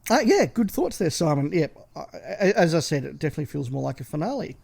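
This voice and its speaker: A man, co-hosting a casual podcast chat and giving measured opinions point by point. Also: fairly high pitch, very animated, creaky, a little mellow, husky. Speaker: podcast co-host.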